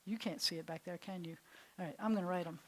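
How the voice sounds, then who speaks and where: A woman rabbi teaching a Hebrew class in a synagogue classroom, enthusiastic, slowly sounding out breathy words. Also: lowish voice, fairly even intonation, a little hiss or hum. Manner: enthusiastic, drawn-out breathy pronunciations.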